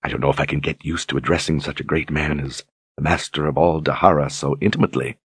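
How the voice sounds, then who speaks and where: A man with a very deep voice voicing a seductive adult duchess who speaks softly, breathily and huskily, in a coy, slow murmur. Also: expressive, no room sound, clean studio sound. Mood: sultry. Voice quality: breathy, husky, soft. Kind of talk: audiobook character reading.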